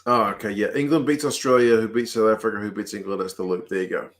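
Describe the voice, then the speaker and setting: A New Zealand man hosting a livestream, chatting casually and answering viewer comments aloud in a relaxed, talkative way. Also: lowish voice, quick pace. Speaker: livestream host. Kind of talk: casual chat reading comments.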